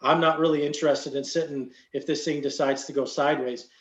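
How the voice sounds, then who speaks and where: A man's voice: on the high side, fairly even intonation, brisk, roomy sound, dull audio. A man coaching stock trades in casual chat, explaining in a loose way with many fillers. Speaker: trading coach.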